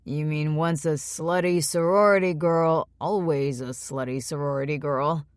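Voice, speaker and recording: A woman's voice: low voice, fairly even intonation, unhurried, no room sound, clean studio sound. A woman doing a tipsy, teasing young groom. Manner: slightly slurred teasing.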